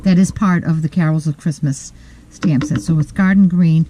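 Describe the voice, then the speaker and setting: A woman hosting a step-by-step card-making tutorial at her craft desk, talking in a relaxed, methodical way with frequent pauses to think. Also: low-pitched, slight background noise, poor audio.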